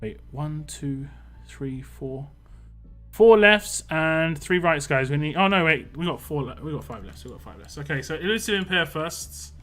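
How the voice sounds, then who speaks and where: Chatty young male game streamer, bright voice. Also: on the high side, normal speed, soft background music. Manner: chatty, greets chat viewers by name and thanks them; excitable when hoping for lucky results. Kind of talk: live-stream gameplay chat.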